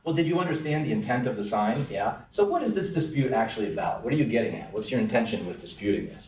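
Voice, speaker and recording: A man's voice: mid-range voice, expressive, quick pace, darkish tone. A man giving a conversational talk to a workplace audience, asking a lot of questions and sometimes acting out quoted voices. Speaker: speaker at a lunch-and-learn talk. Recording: roomy, from a distance, faint room noise.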